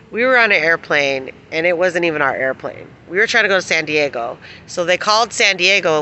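Middle-aged woman, vlogger; rambling, giggly storyteller with a bright, forceful tone who swears freely. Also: low-pitched, a little hiss or hum. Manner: giggly, laughs often while telling stories. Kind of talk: casual storytelling to camera.

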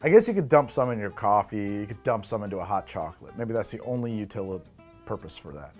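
Animated man hosting a drinks tasting. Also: fairly low pitch, fast talker, soft background music. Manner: animated, joking, breaks into laughs. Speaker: host. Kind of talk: casual spirits tasting vlog.

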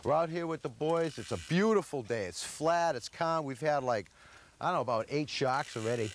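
A man hosting a fishing show, giving excited on-the-spot commentary from an open boat at sea. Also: fairly high pitch, normal speed. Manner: coaching, exclaiming over the catch. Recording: loud wind and engine noise outdoors.

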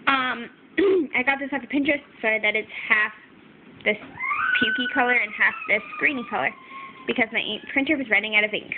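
A woman's voice: fairly high pitch, huge pitch swings, brisk. A young woman chatting casually through a home craft video, apologetic and full of fillers. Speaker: craft vlogger. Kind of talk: casual show-and-tell narration. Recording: tinny phone-like audio with faint background noise. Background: crying baby.

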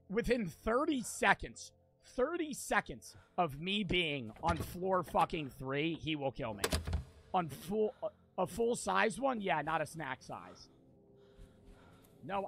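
A young man streaming a horror game, swearing constantly and repeating himself as he swings between muttering and yelling. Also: high voice, very animated, unhurried, gravelly. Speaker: gaming streamer. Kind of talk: frustrated let's-play commentary.

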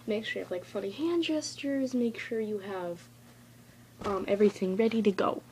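A woman's voice: mid-range voice, normal speed, a little mellow, a little hiss or hum. A woman recording a casual, rambling tutorial vlog in her bedroom, chatty and goofy and easily sidetracked. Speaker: vlogger.

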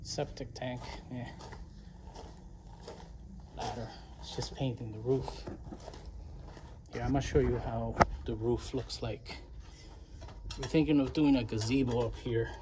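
A man's voice: mid-range voice, a little slow, long pauses, background noise. Man giving a casual outdoor tour. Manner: relaxed, chatty, says "y'all". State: winded near the end. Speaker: vlogger giving a garden tour. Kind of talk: casual walking tour narration. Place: outdoors on a rural property.

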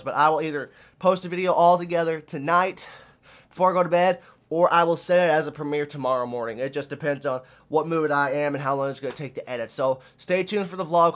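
A young man with a somewhat high voice, a little out of breath, talks through his purchases in a loose, rambling vlog. He fills his sentences with "uh" and "um" and keeps a casual, friendly flow as he recaps the trip. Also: fairly bright tone. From Arkansas. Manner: chatty, rambling, with fillers. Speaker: vlogger. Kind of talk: casual vlog haul talk.

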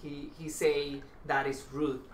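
A man's voice: a little high, flat delivery, takes it slowly. A man talking as a guest in a casual podcast chat, chatty, with non-native English phrasing. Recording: roomy, distant mic with faint noise.

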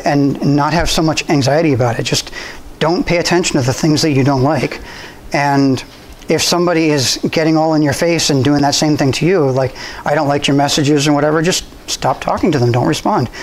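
Man presenting to a club audience, slightly higher pitch, easygoing with ums and restarts. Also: rough recording. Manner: conversational, relaxed, with frequent restarts and ums. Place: university room.

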